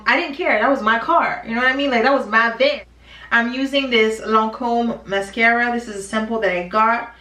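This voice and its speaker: A woman's voice: on the high side, pushed and bright. Chatty, dramatic young woman storyteller. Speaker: beauty vlogger. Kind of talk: storytime chat while doing makeup. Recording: roomy, distant from mic.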